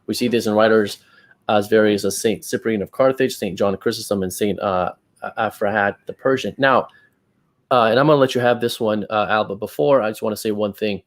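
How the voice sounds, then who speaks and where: A man's voice: fairly low pitch, a little fast. A man hosting a casual apologetics discussion, reading quotations aloud and rebutting them in an exasperated, emphatic way. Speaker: channel host.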